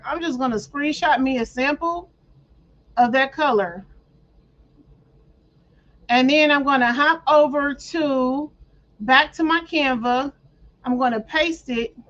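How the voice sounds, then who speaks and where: A woman hosting a casual craft tutorial, walking viewers through each step in a chatty way, with playful slang and frequent throat clearing. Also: high-pitched, a bit bright. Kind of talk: casual screen-share tutorial. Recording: dull lo-fi audio.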